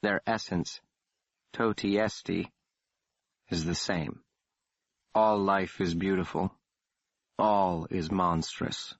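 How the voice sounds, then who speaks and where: A man reading a horror audiobook in a measured, dramatic way. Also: deep voice, no room sound. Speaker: audiobook narrator. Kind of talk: scripted narration. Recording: dull, dry studio read.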